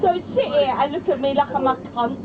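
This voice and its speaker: A woman's voice: sits high, brisk, phone-quality sound. A woman, ranting angrily and swearing at a passenger on a London train. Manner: swearing, hostile. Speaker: passenger on public transport. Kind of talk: angry rant. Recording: noisy phone video on a train.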